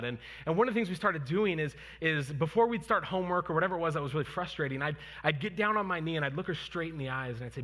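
A man's voice: on the high side, fast talker, pushed and bright. A man in his thirties preaching a sermon and leading prayer, earnest and conversational, with fillers and restarts. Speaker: pastor. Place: church sanctuary. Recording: long reverb of a church hall.

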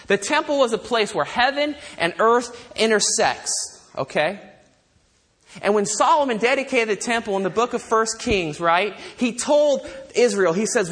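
High-voiced man preaching a sermon. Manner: storytelling, animated, with frequent restarts and laughs. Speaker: pastor.

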